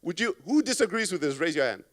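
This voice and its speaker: Man in his 30s, conference keynote, fairly high voice, punchy and profane, acts out phone calls for laughs. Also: fast. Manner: blunt, profane, animated, acts out callers. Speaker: conference speaker. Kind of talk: energetic stage talk. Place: conference stage. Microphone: stage microphone.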